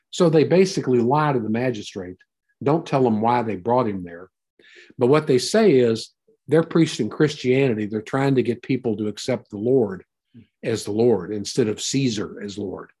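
A man's voice: mid-range voice, animated, moderate pace, a little mellow, breathy edge. A man teaching a Bible passage in a conversational sermon, retelling and explaining it in a folksy way.

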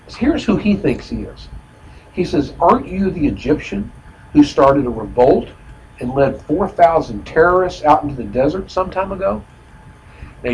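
A man leads a Bible study in a relaxed, conversational manner, stopping often to explain a point. He corrects himself mid-sentence and leans on fillers as he goes. His voice sits at a middle pitch, with a faint hiss of noise behind it. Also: low-quality recording. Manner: self-correcting with frequent fillers.

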